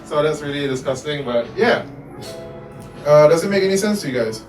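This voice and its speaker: A man's voice: a little high, lively intonation, normal speed, a little mellow, soft background music. A man leading a home-recording workshop, explaining mic technique in a loose, rambling way full of "like". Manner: casual, rambling, filler-heavy explanations. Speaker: workshop instructor. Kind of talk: live recording workshop demo. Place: music store workshop room.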